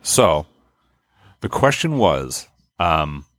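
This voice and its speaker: A man's voice: rumbling low, very animated, drawn-out words, fairly bright tone. A man co-hosting a podcast in casual chat, laid-back and swearing freely. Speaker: podcast co-host.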